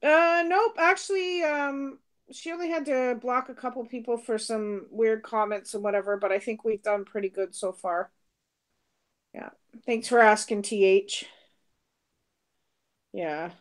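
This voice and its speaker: A woman's voice: a little high, fairly even intonation, unhurried, pauses often. A middle-aged British-born woman without the accent, co-hosting a casual live stream, chatting and laughing as she answers viewer comments. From Britain. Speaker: co-host reading viewer comments.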